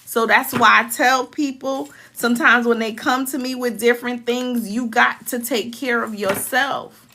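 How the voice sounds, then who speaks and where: A woman's voice: on the high side, fairly even intonation, a little slow, pushed and bright. A woman in her forties, a life coach, talking earnestly and emotionally to viewers and vividly acting out past scenes. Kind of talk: casual heartfelt talk to viewers.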